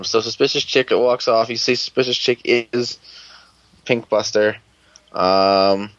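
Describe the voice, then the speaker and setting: A man's voice: on the low side, no room sound, dull audio. A man hosting a casual chat, recapping a show in a rambling, sarcastic, profane way, groggy and unwell. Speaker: podcast host.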